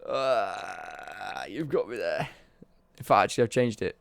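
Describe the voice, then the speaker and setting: A man's voice: lowish voice, animated, a little slow, vocal fry, no echo. A young British man ranting on a casual live stream, sweary and worked up.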